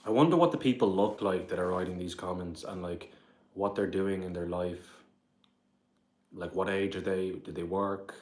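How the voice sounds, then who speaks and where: A man's voice: low-pitched, normal speed, darkish tone. A man with a Dublin Irish accent rambling casually on a livestream from his apartment, full of "like" and "bro". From Ireland. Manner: rambling, says "like" and "bro" often. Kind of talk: casual livestream chat, reading comments aloud.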